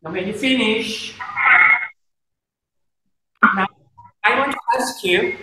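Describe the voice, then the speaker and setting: A man teaching a live online kids' yoga class over a video call, speaking in a slow, halting way with stops and restarts. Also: sits high. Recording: echoey room, faint background noise.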